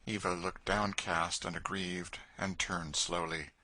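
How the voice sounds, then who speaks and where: A man narrating a classic novel as an audiobook in a measured, even storytelling manner. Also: sits low, no room sound. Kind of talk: scripted narration.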